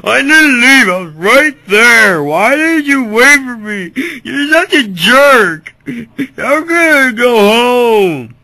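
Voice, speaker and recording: A man's voice: very high voice, very animated, slow, bright, forceful tone, no room sound, exaggerated voice. A man voicing a whiny, sulky plumber hero in a plush toy comedy skit.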